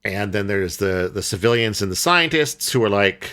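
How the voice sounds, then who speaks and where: A man's voice: lowish voice, animated, normal speed, few pauses, sharp tone. A man co-hosting a podcast, recapping a film in casual chat and rambling through many fillers and restarts. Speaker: podcast co-host.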